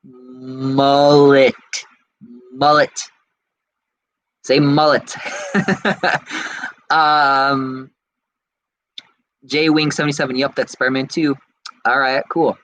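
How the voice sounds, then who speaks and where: A man hosting a podcast, reading out viewer comments in casual chat and answering them in an excitable, rambling way. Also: medium pitch, takes it slowly, long pauses, no echo, rough recording. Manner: excitable and rambling, with frequent restarts. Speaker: podcast host.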